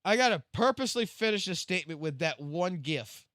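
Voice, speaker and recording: A high, bright male streamer talks in a lively, swooping voice. He rambles through a profane late-night rant, restarting sentences as he goes, in a dry, close sound. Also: a little fast, dry recording. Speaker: live streamer.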